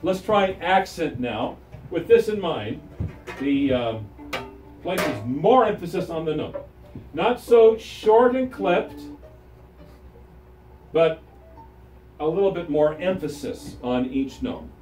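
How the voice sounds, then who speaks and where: Male string-class teacher, lively pitch, distant mic with the ensemble playing. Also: takes it slowly, faint music behind. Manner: animated, counts the class in, call-and-response drills. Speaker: music teacher. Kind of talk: classroom instruction. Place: school music room with string ensemble. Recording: echoey room, recorded from far off, strings playing.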